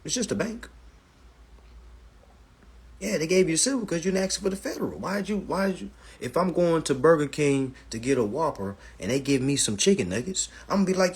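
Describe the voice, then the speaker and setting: This live-stream host speaks fairly quickly in a higher-leaning voice with a breathy edge. He shares stories and advice in an animated, casual, profane way and keeps referring to his viewers as family.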